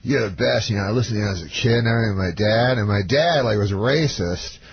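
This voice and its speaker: A comedian from Canada telling a long, deadpan story, full of "uh" and "you know" as he goes. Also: lowish voice, fast talker. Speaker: comedian guest. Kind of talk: casual rambling storytelling. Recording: muffled radio broadcast with hiss.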